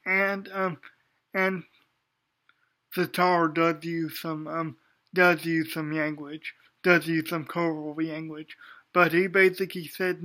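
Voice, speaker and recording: A man's voice: on the high side, flat delivery, takes it slowly, bright, forceful tone. A man giving a casual spoken anime review, hesitant, with many ums and restarts.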